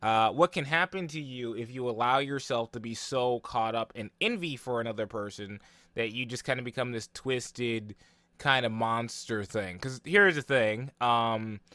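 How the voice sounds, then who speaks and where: Bright-voiced man rambling about anime. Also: medium pitch, normal speed, no room sound. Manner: rambling, full of "um" and "like" fillers. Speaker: anime reaction vlogger. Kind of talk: casual reaction and analysis.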